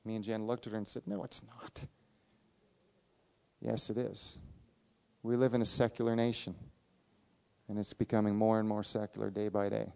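Man, pastor, sermon, gravelly voice, emphatic repetition, long hall reverb. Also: fairly low pitch, little pitch movement, a little fast, a little mellow. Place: church sanctuary.

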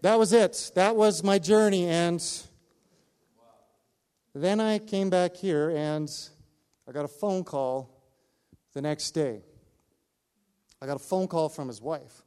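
A man preaching, telling a personal story with animated delivery, acting out the voices of others and laughing at himself. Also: sits high, slow, pauses often, clear, resonant tone. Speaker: pastor. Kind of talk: sermon storytelling.

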